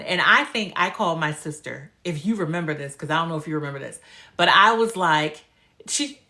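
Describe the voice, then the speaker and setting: Woman in her forties, casual live-stream chat, bright lowish voice. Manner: chatty and confiding, breaks into emotional retellings. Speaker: lifestyle coach and live streamer.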